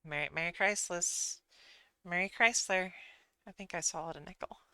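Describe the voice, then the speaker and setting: Low, gravelly-voiced woman streamer, rambling. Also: fairly quick, pushed and bright, dry recording. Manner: rambling, self-deprecating, apologetic. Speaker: livestreamer. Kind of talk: casual rambling stream chat.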